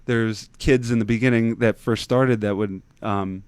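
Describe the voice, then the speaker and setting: A young man guest in a casual interview, talking haltingly, repeating words and laughing easily. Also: lowish voice, fairly even intonation, a little mellow, clean tone, dry recording. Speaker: podcast guest.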